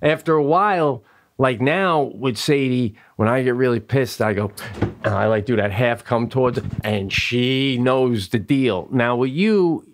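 A man co-hosting a podcast, joining in with quick, excitable banter in casual chat. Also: mid-range voice, noisy background. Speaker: podcast co-host.

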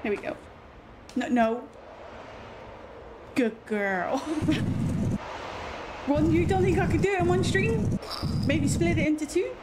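Aussie woman chatting while she games, high lively voice, noisy background. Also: takes it slowly, pauses often. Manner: chatty, excitable, squeals to game animals. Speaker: streamer. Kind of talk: casual gameplay streaming.

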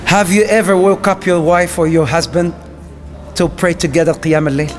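A man giving a lively sermon about marriage, acting out small everyday scenes as he goes. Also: a little high, normal speed, soft background music. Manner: animated, acts out little scenes. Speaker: preacher.

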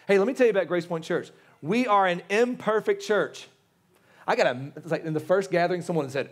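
Pastor guy preaching easter, pretty high voice, talks casual with lots of stumbles and restarts. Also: fairly quick. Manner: conversational, stammering restarts, pleading; casual slang, joking asides. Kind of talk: sermon.

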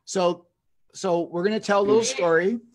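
A man's voice: sits high, fairly even intonation, moderate pace. A man in his fifties, a dentist giving an online lecture, telling stories enthusiastically with chuckles and restarts.

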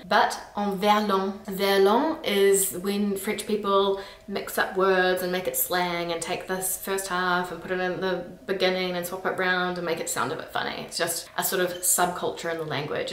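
A woman's voice: medium pitch, a bit bright, recorded from a distance. Playful woman host in a roomy echo. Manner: playful, laughs often, groans at gross words. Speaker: language video host. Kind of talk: casual explainer monologue. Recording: roomy echo, a little off-mic.

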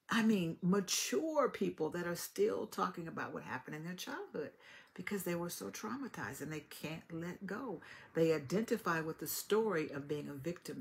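A woman with a low, gravelly voice delivers a motivational talk in the manner of a life coach. She leans on repetition to drive each point home. She slips into the voices of the people she describes. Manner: emphatic, repetitive phrasing, acts out quoted voices.

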